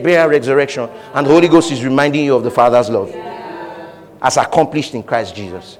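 Male pastor, fairly high voice, lively preaching that acts out voices, echoing hall. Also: brisk. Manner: animated preaching, acting out voices, frequent laughter. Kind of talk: sermon.

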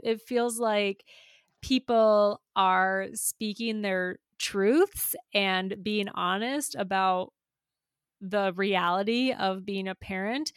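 A woman guest chatting casually on a podcast, speaking slowly and thoughtfully. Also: mid-range voice, a bit bright, smooth, no room sound, clean studio sound. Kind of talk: casual chat.

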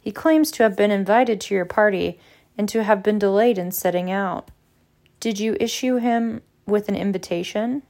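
A woman's voice: medium pitch, moderate pace, a little mellow, lightly acted. A woman voicing a wheezing, spiteful old male caretaker who gloats. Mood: gloating.

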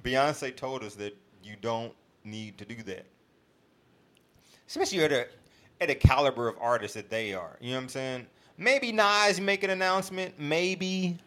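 A man's voice: medium pitch, normal speed, pushed and bright. A man co-hosting a podcast in casual chat, with laid-back, slangy banter. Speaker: podcast co-host.

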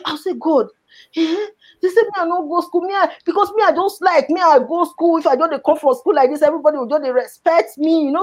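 A woman from Nigeria speaking with a Nigerian Pidgin accent, telling her life story in an interview in an emotional way and repeating words for emphasis. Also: sits high. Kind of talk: personal life story in conversation.

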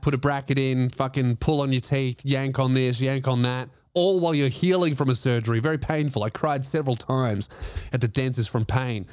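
A man's voice: medium pitch, darkish tone, dry recording. Profane Australian man, dry close sound. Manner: profane, laughing through his own stories. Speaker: comedy podcast host. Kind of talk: casual comedic storytelling.

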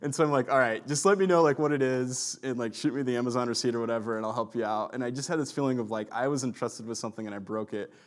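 Man, pastor, sermon, casual storytelling, filler-heavy, mid pitch. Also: quick pace, hardly any pauses. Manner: chatty storyteller, heavy use of "like".

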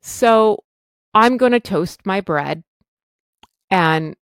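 A woman's voice: medium pitch, animated, very slow, fairly bright tone, clear, resonant tone, dry recording. A middle-aged woman from Canada hosting a podcast, telling a personal story in a candid, self-deprecating, exasperated way. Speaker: podcast host.

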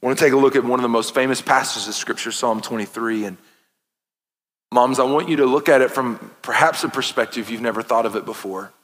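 A man's voice: medium pitch, a little fast, fairly bright tone. A man in his thirties, a pastor preaching an earnest, impassioned sermon in a church, breaking into playful asides. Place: church sanctuary. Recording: long reverb of a large hall.

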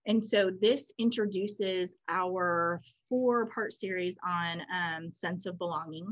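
A woman's voice: on the low side, takes it slowly, no echo, low-quality recording. A woman co-hosting a conversational show, explaining ideas in a chatty, storytelling way. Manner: chatty, animated storytelling with quoted voices. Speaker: podcast co-host.

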